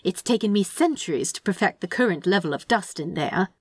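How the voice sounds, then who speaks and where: A woman's voice: fairly low pitch, expressive, brisk, darkish tone, breathy edge, dry recording. A woman reading aloud and voicing a fussy, doting male angel who tuts primly and stays unbothered. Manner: prim, tutting, affectionate.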